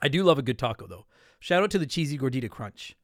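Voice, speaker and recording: A man's voice: mid-range voice, big pitch swings, fast, no echo, studio quality. A man from Canada hosting a podcast and answering listener mail, rambling and apologizing as he cuts himself off mid-sentence. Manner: rambling, self-interrupting, apologetic. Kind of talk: casual podcast chat.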